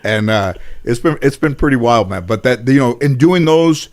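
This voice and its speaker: A man's voice: mid-range voice, moderate pace. A man telling stories as an interview guest, rambling with many restarts and fillers and acting out other people's lines. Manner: lively storyteller who acts out other people's lines. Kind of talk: casual anecdotal storytelling.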